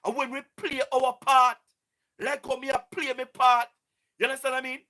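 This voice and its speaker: Jamaican accent, impassioned live-stream talk, preachy and repetitive, high-pitched voice. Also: flat delivery, moderate pace, bright, forceful tone. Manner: repetitive, keeps asking "you understand what I mean"; exhorting, preachy.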